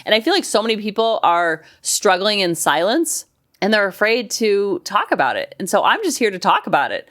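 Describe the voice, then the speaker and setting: A woman's voice: sing-song, moderate pace, fairly bright tone. A middle-aged woman, a counselor and life coach, hosting her podcast in a chatty, upbeat way. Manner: chatty, upbeat, acts out quotes in lower voice. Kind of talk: casual chat.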